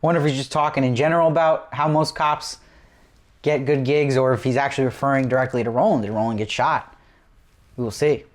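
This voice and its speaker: A man's voice: medium pitch, fairly even intonation, a little fast. Male host, mid-range voice, eager casual recap full of questions. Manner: enthusiastic, asks lots of rhetorical questions. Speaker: TV review host. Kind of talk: casual episode review.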